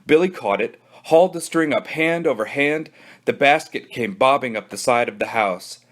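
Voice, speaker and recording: A man, a children's librarian, reading a children's book aloud with animated storytelling. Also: medium pitch, normal speed.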